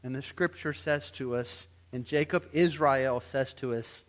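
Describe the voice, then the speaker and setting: A man preaching a sermon as pastor, animated, acting out the voices he quotes. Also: medium pitch, a little slow.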